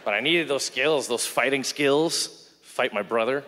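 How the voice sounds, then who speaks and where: A man doing a stand-up comedy set, telling stories in an animated way and acting out voices. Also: mid-range voice, unhurried, noisy background. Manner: animated storytelling, acts out voices. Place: comedy club stage. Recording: live stage with hall reverb.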